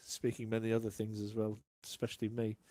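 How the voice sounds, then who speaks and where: A man giving live cricket commentary and analysis in a relaxed way, warm in praise of good shots. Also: fairly low pitch, a little fast, dry recording.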